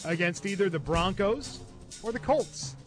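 High-voiced male sports show host. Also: expressive, measured pace, music in the background. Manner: steers segments, reads out tweets. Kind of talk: sports radio talk.

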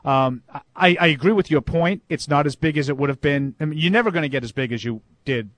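Male sports radio co-host, casual and chatty, slightly high pitch, dry studio. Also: fast, a bit bright, dry recording. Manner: conversational, reads emails aloud with amusement. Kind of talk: casual sports talk, reading listener emails.

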